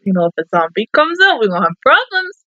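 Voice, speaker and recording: Expressive young woman reacting, dry dull mic. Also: fairly high pitch, fast, no echo. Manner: expressive, swears, laughs often, talks back to the screen. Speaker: anime reaction YouTuber. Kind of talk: casual reaction commentary.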